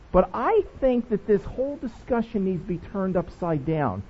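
A man's voice: very high voice, very animated, normal speed, husky. A man preaching a sermon as pastor, playful and jokey with his congregation. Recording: dull lo-fi recording.

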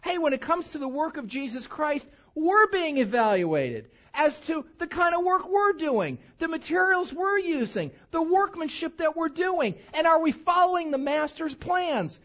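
Animated male preacher, lively delivery. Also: very high voice, moderate pace, few pauses. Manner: lively, animated preaching with mock-drawl asides. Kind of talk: sermon with humorous anecdote. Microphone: handheld or stage microphone. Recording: slightly dull lo-fi sound.

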